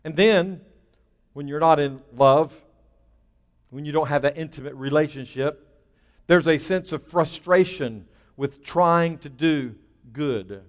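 A man preaching in a church with a fairly high voice that carries a long reverb through the room. He pushes his points out in emphatic bursts, then drops almost to a hush. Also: slow pace, pauses often. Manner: emphatic, with rising bursts and dropping to a near hush. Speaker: pastor. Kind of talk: sermon.

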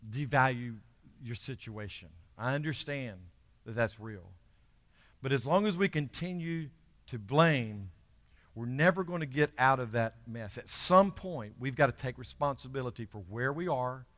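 A man preaching a sermon as pastor, emphatic and building to loud exhortation with the congregation. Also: medium pitch.

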